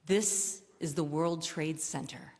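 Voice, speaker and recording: A woman quoting a practical, protective young woman friend, calm and matter-of-fact, in a reverberant hall. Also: sits low, takes it slowly, exaggerated voice.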